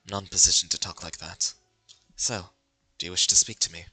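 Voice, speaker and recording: A man voicing a calm, reserved young male student in a game, speaking softly and in a measured way. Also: low voice, husky, dry recording, pitched below the performer's own voice, heavily acted, poor audio. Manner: measured, soft-spoken. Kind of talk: reading game dialogue aloud.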